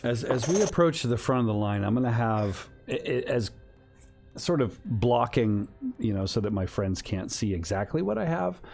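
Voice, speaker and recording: A man playing a character in a tabletop game, describing his actions in a playful, animated way. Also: mid-range voice, moderate pace, gravelly, faint music behind. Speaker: player.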